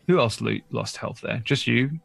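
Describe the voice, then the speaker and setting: A man's voice: medium pitch, moderate pace, creaky, slightly rough, dry recording. A man running a tabletop game as game master, in a laid-back, casual way with lots of fillers.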